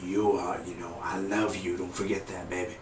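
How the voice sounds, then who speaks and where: A man voicing a grieving middle-aged police captain father, speaking in a hushed, tender, halting way in a roomy-sounding recording. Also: sits low, flat delivery, far from the mic, slight background noise, voice pushed down, natural voice. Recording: roomy echo.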